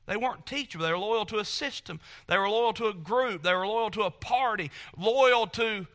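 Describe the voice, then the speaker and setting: A man's voice: high-pitched, moderate pace, few pauses, fairly bright tone. A man preaching a sermon, impassioned and repetitive, acting out quotes from the people he talks about.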